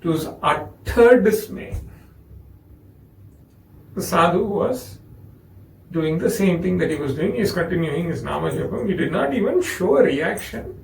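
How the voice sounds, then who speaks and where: A spiritual speaker with an Indian English accent tells a story in a discourse, animatedly acting out the voices of its characters. His voice is high and gravelly. The rough recording sounds roomy, with him far from the mic.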